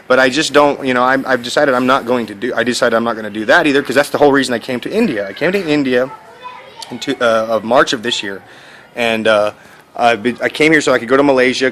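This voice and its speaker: A man's voice: mid-range voice, sharp tone, a little hiss or hum. A man telling his own story in a candid, rambling way, full of false starts and repeated words, from his home. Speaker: online entrepreneur sharing his story. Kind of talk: casual personal storytelling. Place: at home in India, dog and kids nearby.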